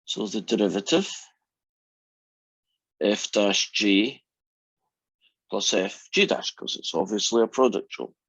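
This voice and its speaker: A man with a lowish, fairly bright, slightly rough voice teaches a calculus class, working through derivatives with wry, teasing asides. He's a math instructor giving a classroom lecture, captured in a dry, muffled recording with no echo.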